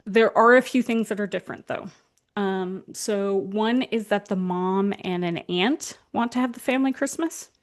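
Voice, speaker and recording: A woman's voice: medium pitch, moderate pace. A woman hosting a podcast, telling stories in a casual chat full of fillers. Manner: storytelling with fillers and laughs. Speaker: podcast host.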